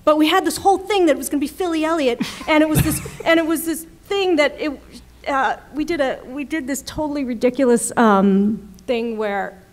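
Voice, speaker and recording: A woman TV writer on a convention panel, chatty and quick to laugh as she tells stories. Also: high-pitched. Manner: chatty, laughs often mid-story. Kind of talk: panel discussion.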